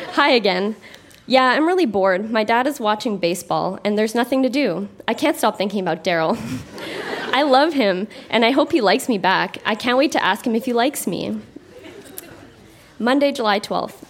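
A young Canadian woman stands on a theatre stage reading her teenage diary aloud, her voice sitting a little high. She keeps breaking into laughter between entries. A faint hiss runs underneath. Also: expressive, normal speed. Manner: amused, breaks into laughter often. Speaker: guest reader.

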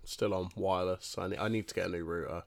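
A man's voice: low voice, fairly even intonation, fast, vocal fry, no echo. A man co-hosting a podcast in casual chat, giving short, laid-back replies with some hesitation. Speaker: podcast co-host.

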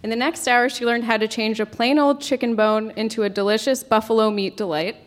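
A woman's voice: on the high side, fairly even intonation, a little fast. Woman reading a childhood story aloud. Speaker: reader at a live storytelling show.

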